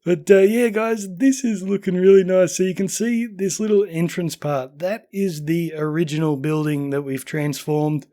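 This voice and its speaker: Tired, hoarse man giving a game tour. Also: high-pitched, fairly even intonation, normal speed, hardly any pauses, dark tone. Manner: chatty, upbeat, self-deprecating. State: tired, losing his voice. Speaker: game building channel host. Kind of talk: casual gameplay tour commentary.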